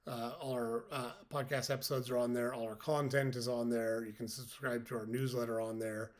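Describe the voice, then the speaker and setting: A man's voice: medium pitch, little pitch movement, a little fast. A man in his fifties, a podcast host, giving an earnest, direct motivational monologue and repeating his key points for emphasis.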